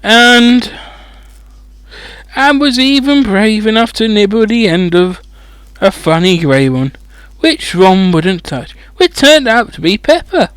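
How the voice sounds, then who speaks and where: An audiobook reader with a high, bright, clean voice reads a children's fantasy book slowly and animatedly as comedy, with no echo. He keeps breaking off into rambling, sweary, mocking asides.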